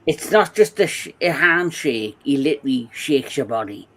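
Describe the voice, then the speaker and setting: A man's voice: medium pitch, expressive, normal speed, sharp tone, slight background noise, poor audio. A man in his forties with a Geordie accent, chatting casually on a podcast and telling rambling stories with frequent laughs. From England. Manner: rambling anecdotal storyteller, laughs often. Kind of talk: casual chat.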